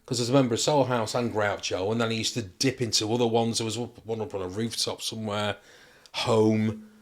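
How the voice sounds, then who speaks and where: A man with a low voice chats as a podcast guest. He tells stories with a lot of animation, dropping into quick impressions and sounds as he goes. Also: fairly even intonation. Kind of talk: casual chat.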